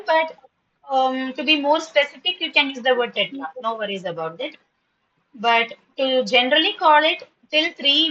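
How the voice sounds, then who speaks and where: A woman teaching an online English class, patiently spelling words and repeating them slowly. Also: sits high, pushed and bright, muffled recording.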